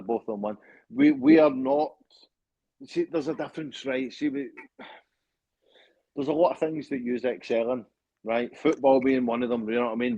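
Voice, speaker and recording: A man's voice: mid-range voice, warm tone, no echo. Boastful Scottish man with a dull, dry sound. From Scotland. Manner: boastful, joking, swears a lot. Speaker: fighter interview guest. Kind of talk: casual interview chat.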